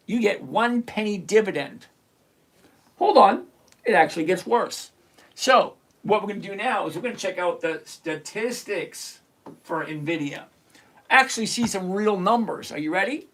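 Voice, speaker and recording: This man speaks at a normal speed in a high, expressive, somewhat bright voice. He's hosting a live stream where he picks stocks at his computer, combing through charts and explaining figures like a chatty, blunt, sarcastic teacher.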